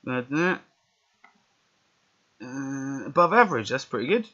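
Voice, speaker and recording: A man's voice: mid-range voice, big pitch swings, unhurried, bright, forceful tone. A man casually commentating a wrestling management game, reading out results with rambling muttered asides. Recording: dull lo-fi recording.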